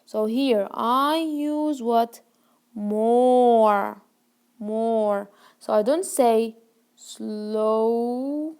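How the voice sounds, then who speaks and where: A woman teaching a grammar lesson, repeating key words slowly and checking that learners follow. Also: on the high side, darkish tone. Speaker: English teacher.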